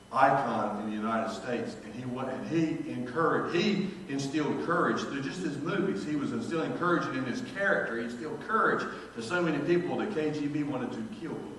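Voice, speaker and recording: Dramatic preacher, echoey hall from afar. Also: male voice, medium pitch, slight background noise. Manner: dramatic storytelling, shifting from hushed to shouting. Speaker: pastor. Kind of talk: sermon. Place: church sanctuary. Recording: echoey church hall, distant mic.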